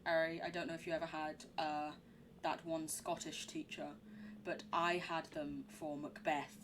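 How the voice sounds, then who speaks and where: A woman's voice: sits low, little pitch movement, moderate pace, noisy background. Young woman streaming a game, rambly and giggly. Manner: chatty, giggly, rambling asides. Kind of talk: live game commentary.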